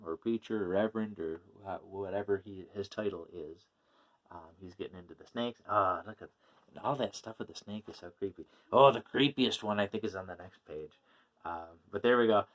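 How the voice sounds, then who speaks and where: Rambling man reviewing comics. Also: fairly low pitch. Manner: rambling, many fillers and laughs. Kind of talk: casual chat.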